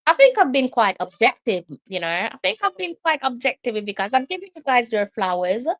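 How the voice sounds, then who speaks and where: Excitable Jamaican woman commentating live. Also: on the high side, a little fast. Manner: excitable, exasperated, slips into patois. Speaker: live stream host. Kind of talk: live football watch-along commentary.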